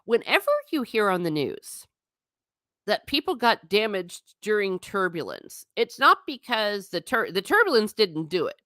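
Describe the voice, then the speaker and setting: A woman's voice: mid-range voice, sing-song, a little slow, pushed and bright, no room sound. A woman hosting a casual live stream, chatting irreverently with her viewers, laughing often and swearing mildly. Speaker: vlogger reading live chat.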